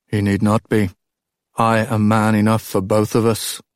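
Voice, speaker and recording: A proud, boastful king, blunt and deep-voiced, as the narrator plays him. Recorded close and dry, with no room around him. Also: completely flat delivery, a little slow, clear, resonant tone, no echo, natural voice.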